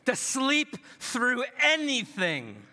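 A man preaching a sermon in a loose, conversational way, often dropping his voice low and soft for emphasis. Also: wildly swooping pitch, very slow, in a large hall. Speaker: pastor.

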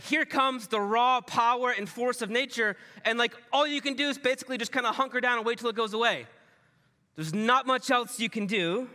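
A man preaching a sermon in a loose, conversational way, often dropping his voice low and soft for emphasis. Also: big-room sound. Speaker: pastor.

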